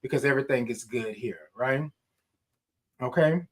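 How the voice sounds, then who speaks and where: A middle-aged man hosting a live morning show, talking in an animated, preacher-like way, repeating phrases and reading viewer comments. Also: mid-range voice, moderate pace. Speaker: host.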